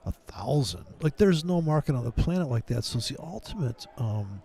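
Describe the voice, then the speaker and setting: Profane rambling man, mellow voice. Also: mid-range voice, very animated, moderate pace, gravelly, slight background noise. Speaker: livestream trading host. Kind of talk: casual ranting chat with viewers.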